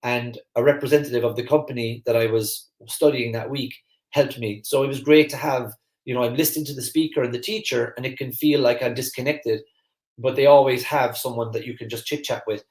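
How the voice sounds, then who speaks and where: Fast-talking man with a Kerry accent. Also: mid-range voice, reverberant. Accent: Irish, Kerry. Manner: fast, energetic, chatty, many fillers and restarts. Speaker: host of a live online masterclass. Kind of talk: live-stream talk to viewers, reading the chat.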